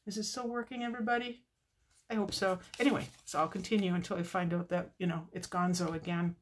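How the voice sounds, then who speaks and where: A woman's voice: fairly low pitch, steady tone, fast, a little hiss or hum. A middle-aged woman chatting with viewers while demonstrating card making on a live stream, with muttered asides to herself.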